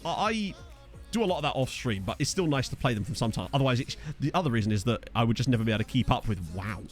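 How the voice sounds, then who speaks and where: This young man from Essex talks very fast in a mid-range, expressive voice, with faint music behind him. Streaming a football management game, he chats casually in his Essex accent, reads his chat aloud and throws in jokey asides.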